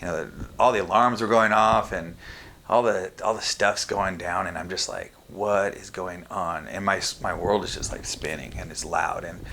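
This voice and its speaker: A young man speaking frankly and profanely on a casual podcast, halting often with fillers and restarts. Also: deep voice, sharp tone, a little hiss or hum.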